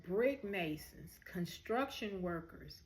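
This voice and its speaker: A woman's voice: medium pitch, animated, slow. A woman hosts a heartfelt motivational talk to her viewers, speaking earnestly and encouragingly. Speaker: host.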